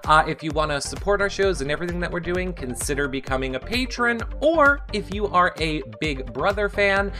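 A man hosting an online interview show, playful and excitable. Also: sits high, a little fast, few pauses, soft background music. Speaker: host.

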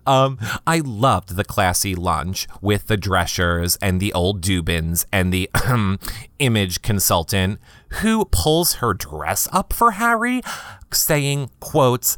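A man's voice: animated, unhurried, a bit bright, dry recording. Sarcastic guy reading gossip blogs for laughs, voice all over the place, dry mic. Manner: campy, sarcastic, swoops into high mock voices. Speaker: podcast host reading blogs aloud. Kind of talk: comedic blog reading with asides.

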